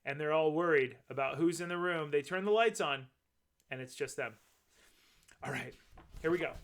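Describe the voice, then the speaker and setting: A man with a fairly high voice reads a children's picture book aloud. He stops often to chat about the pictures and point out small details. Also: normal speed, fairly bright tone. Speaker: storybook reader.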